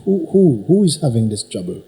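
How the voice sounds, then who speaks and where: A man teaching at a spiritual gathering, unhurried and emphatic, probing his listener with repeated questions. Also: mid-range voice, sing-song, mellow, rough recording. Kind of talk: satsang teaching talk. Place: teaching hall with an audience.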